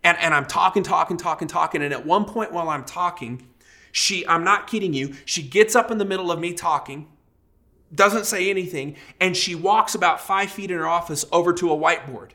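Bright-voiced man preaching a sermon. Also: on the high side, brisk. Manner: storytelling, animated, acts out quoted voices. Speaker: pastor.

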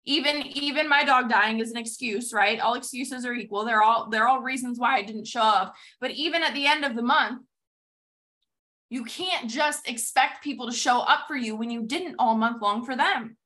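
Bright, animated woman coaching. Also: on the high side, moderate pace. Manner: animated retelling with acted-out quotes. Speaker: podcast host and sales coach. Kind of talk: motivational podcast monologue.

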